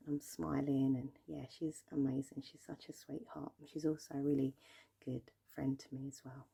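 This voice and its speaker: A woman ASMR creator chatting softly to the camera, repeating trigger words. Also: low voice, level tone, a little fast, vocal fry, breathy edge. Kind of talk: casual whispered talk to camera.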